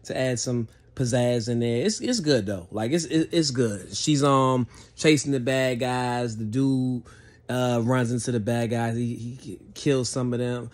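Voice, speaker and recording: A man's voice: mid-range voice, unhurried, a little mellow. Laid-back, profane man rambling through a review. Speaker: movie reviewer. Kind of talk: casual spoken film review.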